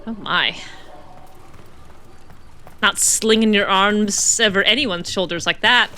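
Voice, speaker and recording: A woman's voice: mid-range voice, takes it slowly, long pauses, sharp tone, smooth. A woman giving chatty, laughing gameplay commentary as a let's-play streamer.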